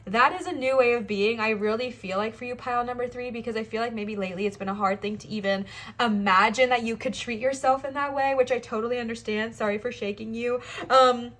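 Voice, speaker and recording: A woman with a fairly high voice reads tarot for her viewers in an upbeat, encouraging tone. She repeats her affirmations, stops for chatty asides, and sounds a little out of breath in places. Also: steady tone, a little fast, fairly bright tone. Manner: enthusiastic, encouraging, repetitive affirmations. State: out of breath at times. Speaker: tarot reader, channel host. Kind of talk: pick-a-card tarot reading.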